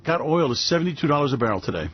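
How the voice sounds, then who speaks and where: A man's voice: a little high, lively intonation, rapid-fire, husky, no room sound, muffled recording. A man hosting a finance radio show in a sarcastic, theatrical, mock-gushing way. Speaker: host.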